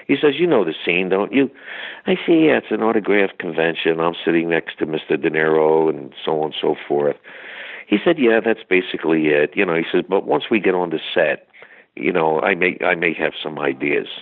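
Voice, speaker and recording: A man's voice: deep voice, expressive, fairly quick, vocal fry. An older man telling chatty anecdotes as an interview guest, full of fillers and restarts, heard over a phone line. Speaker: guest singer. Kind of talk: storytelling interview.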